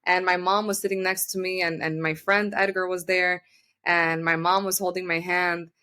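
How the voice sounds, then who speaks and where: A woman's voice: on the low side, level tone, moderate pace, pushed and bright, recorded from a distance. A woman from New York City, a podcast guest telling her personal story in an earnest, chatty way and often acting out her own past words.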